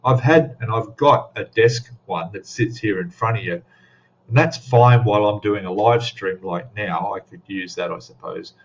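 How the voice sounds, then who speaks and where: Aussie bloke hosting a live stream, chatting with viewers, kinda low voice, muffled webcam mic. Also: male voice, moderate pace. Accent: Australian. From Australia. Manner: rambling, friendly greetings to chat viewers. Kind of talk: casual live stream chat. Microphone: webcam microphone.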